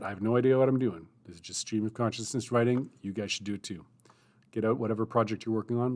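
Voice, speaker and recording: A man hosting a writing livestream, chatty and self-mocking, thinking aloud as he goes. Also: on the low side. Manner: chatty, self-mocking, thinks aloud; mutters his draft slowly and softly. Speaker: streamer hosting writing sprints. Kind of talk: casual livestream chat, then muttering while writing.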